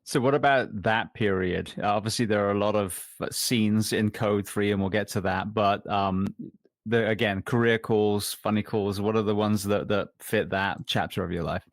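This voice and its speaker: Male podcast host, low voice, dry close sound, slow and measured. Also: fairly even intonation, no room sound. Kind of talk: interview questions.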